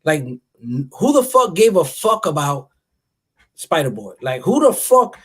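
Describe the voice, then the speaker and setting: Give me a profane, animated male host. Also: a little high, unhurried, husky. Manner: profane, animated, laughs often. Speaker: show host. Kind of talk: casual chat.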